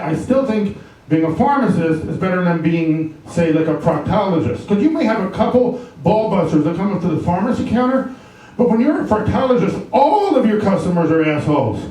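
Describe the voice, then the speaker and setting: A man doing a stand-up comedy set in a comedy club, delivering deadpan one-liners with pun punchlines. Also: high-pitched, recorded from a distance. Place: live comedy club with audience. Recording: echoey club room, mic heard from afar.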